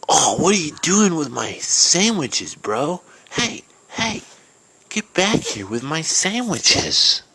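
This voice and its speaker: A man's voice: on the high side, very animated, takes it slowly, gravelly, sharp tone, slightly rough, full character voice. A man voicing a dopey surfer-dude young man in a homemade cartoon, calling everyone dude and bro in slangy talk.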